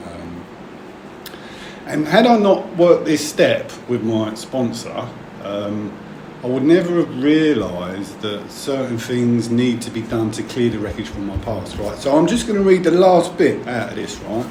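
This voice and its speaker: A man's voice: medium pitch, very animated, a little slow. A middle-aged man sharing candidly and a bit emotionally at a recovery meeting, rambling and swearing freely. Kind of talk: personal share at a recovery meeting. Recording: echoey room with background noise.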